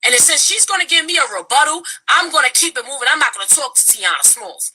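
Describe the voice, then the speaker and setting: Woman, high pitch, very bright tone, blunt, profane, dating coach. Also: animated, quick pace. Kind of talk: blunt advice commentary.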